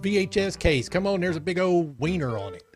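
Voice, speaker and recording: An easygoing male host chatting on a live show, laughing often as he talks. His voice is slightly high for a man. Faint music plays behind him. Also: lively intonation, brisk. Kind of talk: casual chat.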